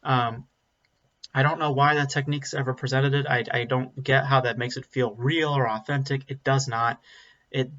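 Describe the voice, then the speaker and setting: Male film reviewer, bright forceful voice, blunt and rambling, slightly dull lo-fi audio. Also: mid-range voice, fairly even intonation, normal speed. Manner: blunt, rambling, frequent ums and restarts. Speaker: movie reviewer. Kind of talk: casual spoken film review.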